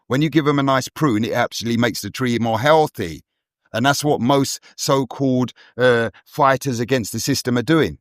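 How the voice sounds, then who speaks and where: A man's voice: medium pitch, no room sound, clean studio sound. A man holding forth on a podcast in a preachy, emphatic way, hammering his points with repetition. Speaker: podcast co-host. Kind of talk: forceful monologue.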